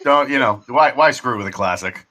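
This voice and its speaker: A man's voice: medium pitch, normal speed, bright, forceful tone. A man playing in a tabletop game, joking and teasing in casual banter. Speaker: player.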